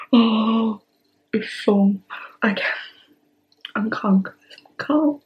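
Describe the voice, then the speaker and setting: Gushing young woman reacting, slow-paced. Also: fairly high pitch, lo-fi sound. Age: 20s. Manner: gushing and excitable, drops to breathy whispers. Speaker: reaction channel host. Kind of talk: song reaction vlog.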